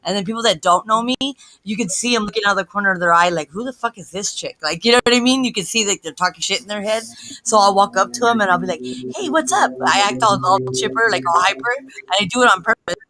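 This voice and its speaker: A talkative woman in her thirties guests on a casual livestream chat, phoning in on speaker. Her mid-range voice moves fast through animated stories, and she laughs often. The audio is poor, with crowd noise behind her.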